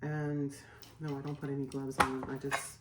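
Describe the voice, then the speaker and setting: A woman's voice: very deep voice, little pitch movement, normal speed, reverberant, background noise. A woman in her forties, chatting casually as a vlogger while cooking at home, rambling with lots of fillers. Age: 40s.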